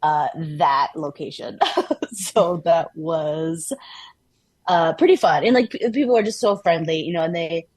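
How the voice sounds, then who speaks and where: Minnesotan lady chatting on a podcast, upbeat, laughs a lot, kinda low voice. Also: unhurried, a little mellow. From Minnesota, USA. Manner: chatty and upbeat, laughs often, many "like" fillers. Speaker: podcast co-host. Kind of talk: casual chat.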